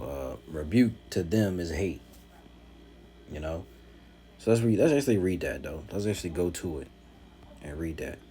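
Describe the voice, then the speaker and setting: A man's voice: low-pitched, mellow, a little hiss or hum. A man preaching at home, teaching from scripture and answering critics in an emphatic, mocking way.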